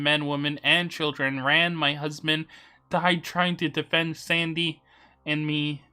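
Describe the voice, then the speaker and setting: A man's voice: on the high side, sharp tone, clear, resonant tone. A man voicing a grieving young widow from a video game, telling her story in an earnest, sorrowful way.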